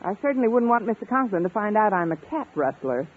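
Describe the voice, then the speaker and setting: A wisecracking schoolteacher. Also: female voice, medium pitch, very animated, fast, breathy edge. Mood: playful. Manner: wisecracking, playful. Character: wisecracking woman English teacher, quick-witted. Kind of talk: 1950s radio comedy acting. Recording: tinny old radio broadcast with studio audience laughter.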